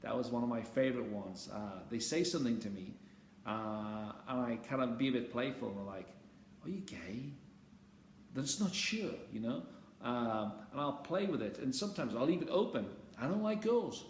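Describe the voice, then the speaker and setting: A man's voice: mid-range voice, brisk. A man with a blunt, casual manner who swears freely, giving a dating coach's talk on a phone live stream. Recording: echoey room with faint ambient noise.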